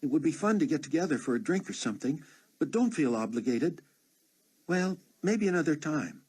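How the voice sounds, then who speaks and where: A man's voice: fairly high pitch, sing-song, brisk, a little mellow, breathy edge, pitched above the performer's own voice. A man voicing a chatty young flight attendant leaving a friendly answering-machine message in a raised voice.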